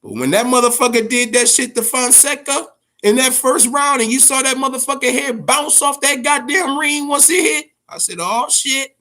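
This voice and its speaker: A man hosting a boxing talk show, ranting in a profane, casual way, stammering and swinging between a low grumble and loud outbursts. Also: steady tone, moderate pace. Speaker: boxing podcast host.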